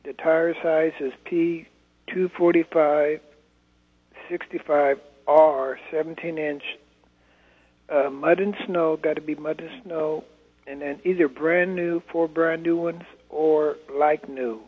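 A man's voice: fairly high pitch, fairly even intonation, slow pace, breathy edge. A man calling in to a radio show, talking plainly and hesitantly with many fillers. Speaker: caller. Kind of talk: phone-in call. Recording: tinny phone line.

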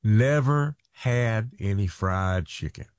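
Folksy radio host, dry studio sound. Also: male voice, on the low side, takes it slowly, dry recording. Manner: folksy storytelling. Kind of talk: casual radio chat.

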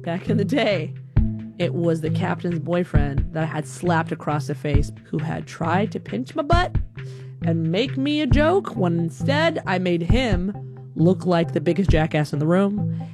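A woman from Alabama telling a personal story in a lively, self-deprecating way, slipping into voices as she talks. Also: lowish voice, a little slow, over music. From Huntsville, Alabama, USA.

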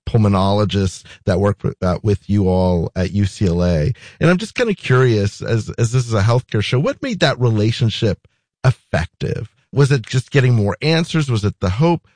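A man's voice: lowish voice, a little mellow, no room sound. A man hosting a healthcare show, asking questions earnestly and often repeating words as he starts. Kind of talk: interview.

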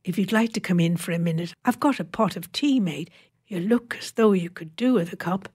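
A woman's voice: fairly low pitch, a little fast, a little mellow, breathy edge. A woman voicing a chatty, practical older housewife who rambles homely memories. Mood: reminiscing.

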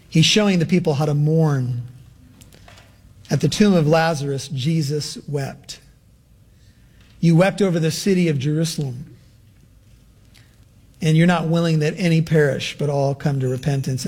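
Man preaching a sermon, slightly high voice. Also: a little mellow. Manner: earnest preaching, slowing for emphasis. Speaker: pastor.

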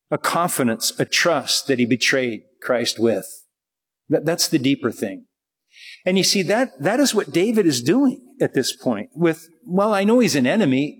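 A man's voice: a little high, slightly rough, long reverb tail. A man preaching a sermon in a conversational way, often restarting his sentences. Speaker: pastor.

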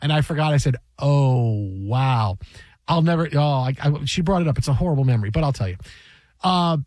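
A man in his forties hosting sports radio, telling stories with lively acted-out quotes. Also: a little high, quick pace, no room sound. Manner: animated storyteller, acts out quotes loudly. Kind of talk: casual sports radio banter.

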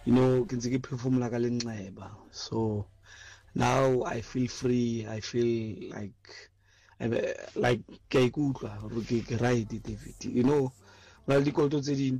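South african man, radio caller, husky voice, reflective tone. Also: medium pitch, fairly even intonation, measured pace, mellow, no echo. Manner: earnest, reflective. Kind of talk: casual phone-in call.

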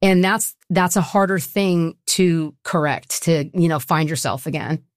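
Being interviewed conversationally, a middle-aged woman who co-founded a women's support group rambles with many restarts, her tone earnest and emotional. She speaks a little slowly in a lowish voice, recorded in studio quality without echo.

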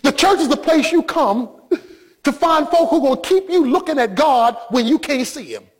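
A male preacher delivering an impassioned sermon that often rises to shouting. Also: very high-pitched, animated, normal speed.

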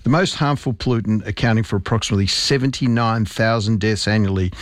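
Low-voiced doctor explaining research. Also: male voice, quick pace. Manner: explanatory, emphatic with medical terms. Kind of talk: medical interview.

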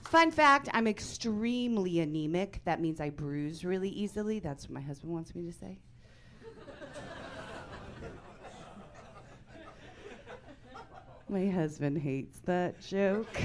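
In a club stand-up set, a woman in her forties takes it slowly with long pauses, her voice mid-range and her delivery brash and deadpan. She plays out the people she quotes.

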